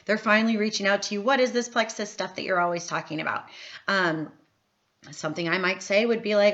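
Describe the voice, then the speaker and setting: A woman's voice: medium pitch, a little fast, fairly bright tone. A woman giving a casual, chatty training talk, upbeat and full of fillers. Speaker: network marketing trainer. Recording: slightly dull lo-fi audio.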